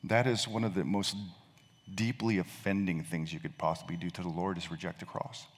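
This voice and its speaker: A man's voice: low voice, little pitch movement, brisk. Male pastor telling a story in his sermon, repeats himself when thinking, voice rings round a big hall. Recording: long reverb of a large hall.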